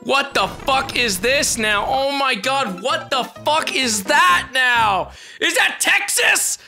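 A young woman giving live commentary on her gameplay, excitable and swearing often as she yells at the game. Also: high voice, slow, creaky, soft background music. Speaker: gaming video host.

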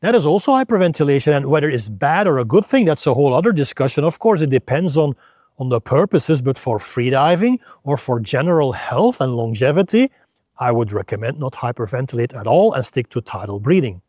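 A man's voice: mid-range voice, lively intonation, fairly quick, a little mellow, no room sound, studio quality. A man, a freediving instructor, patiently explaining breathing step by step in a video lesson.

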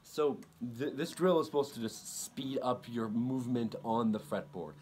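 A man giving a casual guitar lesson, relaxed and repetitive, counting beats aloud. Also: mid-range voice, moderate pace, slight background noise. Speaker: guitar teacher. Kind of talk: casual instructional talk. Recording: loud guitar playing behind.

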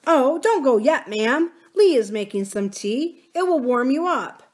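A man's voice: sits high, lively intonation, normal speed. A woman voicing a shy, awkward rancher and father who speaks eagerly but self-consciously.

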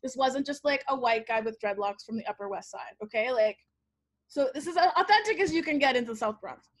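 A Canadian woman teacher telling a lively story in a workshop webinar, acting out quoted voices and checking in with "okay?". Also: high-pitched, a little fast. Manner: animated, acts out quoted voices, frequent "like" and "okay?". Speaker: teacher giving a workshop talk. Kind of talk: storytelling presentation. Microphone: webinar microphone.

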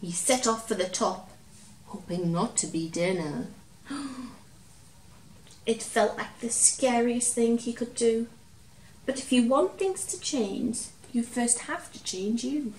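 Expressive woman reading a storybook. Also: on the high side, takes it slowly, a little hiss or hum. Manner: expressive, dramatic, gentle. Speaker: children's storyteller. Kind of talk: reading a picture book aloud to children. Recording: roomy, distant from mic, faint ambience.

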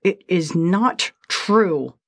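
A woman's voice: on the low side, animated, fast talker, no echo, clean studio sound. A woman doing a spiteful young village woman. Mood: curt spiteful. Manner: curt, through clenched teeth.

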